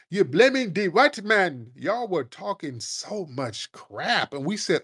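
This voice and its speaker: Combative radio host, man, mocking and animated, fairly high voice. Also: takes it slowly, hardly any pauses, slightly rough. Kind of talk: talk radio rant.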